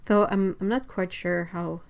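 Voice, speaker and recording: A woman's voice: mid-range voice, slow pace, creaky. A young woman hosting a livestream, chatting casually and giggling to her viewers while she paints.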